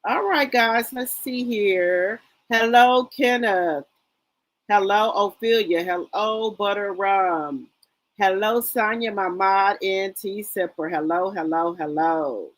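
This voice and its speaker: A woman's voice: medium pitch, takes it slowly, poor audio. A middle-aged woman hosting a casual livestream, greeting viewers by name and chatting loosely with lots of fillers. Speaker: livestream host. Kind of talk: casual live chat reading viewer comments.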